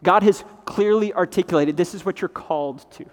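A man preaching a sermon as pastor, swinging between loud emphatic passages and hushed, grave ones. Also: high-pitched, fairly quick. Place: church sanctuary. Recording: long reverb of a large hall.

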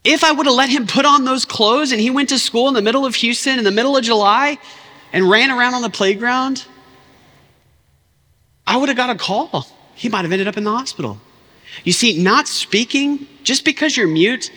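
High, bright-voiced preaching man. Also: moderate pace, long reverb tail. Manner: impassioned, conversational, lots of "like" asides. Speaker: pastor. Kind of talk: sermon.

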